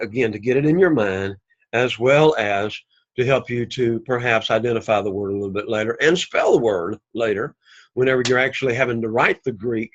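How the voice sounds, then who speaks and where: A man teaching a Greek class, explaining slowly and patiently and repeating key words for emphasis. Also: mid-range voice, highs cut off. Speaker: Greek instructor. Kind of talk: recorded class lecture.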